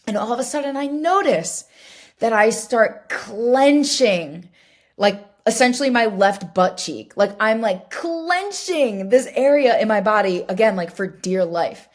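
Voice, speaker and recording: A woman's voice: a little high, animated, moderate pace, few pauses. A woman hosting a solo podcast, telling a personal story in a candid, reflective way, full of fillers and restarts. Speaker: podcast host.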